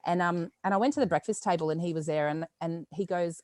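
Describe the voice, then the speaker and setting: Australian woman, podcast guest, low voice, rapid animated storyteller, dry close mic. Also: no echo. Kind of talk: casual storytelling chat.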